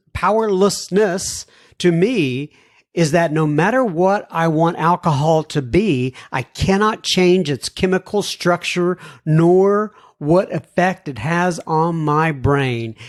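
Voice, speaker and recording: A podcast host on a recovery show reads listener emails aloud, unhurried and folksy. He drops in appreciative asides, and his voice sinks low and soft as each sentence ends.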